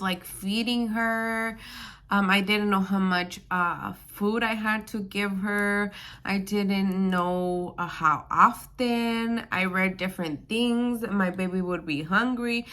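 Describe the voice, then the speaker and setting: A woman's voice: mid-range voice, a bit bright. Chatty young woman, rambling vlog talk. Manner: rambling, full of "like" and "um". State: a bit sick. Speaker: new mother vlogger. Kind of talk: casual personal vlog.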